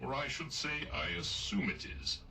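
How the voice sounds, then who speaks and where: A pompous robot sea captain. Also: male voice, high-pitched, animated, normal speed, roomy sound, far from the mic, poor audio. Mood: grandiloquent. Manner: grandiose, old-fashioned naval speech. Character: pompous male robot ship captain, commanding. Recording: game audio with loud background hum.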